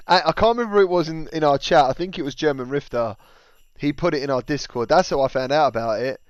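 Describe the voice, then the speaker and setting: A man's voice: on the high side, fast talker, clean tone, no echo, dull audio. A man hosting a casual gaming livestream, greeting viewers and reading out chat messages. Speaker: livestream host.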